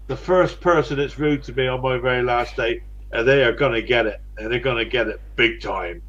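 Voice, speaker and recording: A man's voice: medium pitch, fairly quick, fairly bright tone, highs cut off. A man in his late sixties with a West Country English accent, hosting a casual chat in a blunt, chatty way and chuckling often. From England. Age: 60s. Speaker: host.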